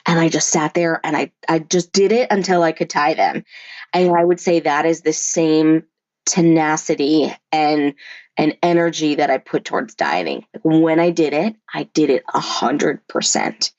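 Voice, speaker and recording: A woman's voice: low voice, moderate pace, darkish tone, dry recording. A woman therapist talking as a podcast guest, telling her story frankly with many fillers and restarts. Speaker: therapist and body-image coach, podcast guest. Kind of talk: candid conversational storytelling. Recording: dull lo-fi remote recording.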